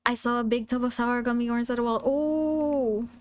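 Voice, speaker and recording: A woman's voice: on the high side, completely flat delivery, quick pace, clear, resonant tone, dry recording. A woman streamer chatting casually with her viewers, giggly and self-deprecating. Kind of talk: casual live-stream chat.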